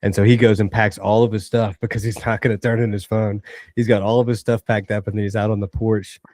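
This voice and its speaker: A man co-hosting a podcast, telling a story in a relaxed, casual way. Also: on the low side, brisk, dry recording, clean studio sound. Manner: laid-back, quotes people in animated voices. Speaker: podcast co-host.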